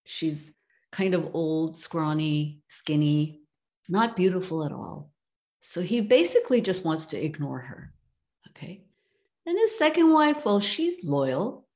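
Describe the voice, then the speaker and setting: A woman's voice: sits low, darkish tone. A woman presenting in a webinar, telling a parable in a conversational way, often checking in with her listeners. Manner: conversational, checks in with "okay?" and "you know". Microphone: video call.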